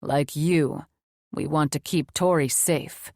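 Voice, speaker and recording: A woman voicing a commanding demon wolf man, calm and watchful, with a steady, measured delivery. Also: a little high, creaky, dry recording, clean studio sound, pitched below the performer's own voice, heavily acted.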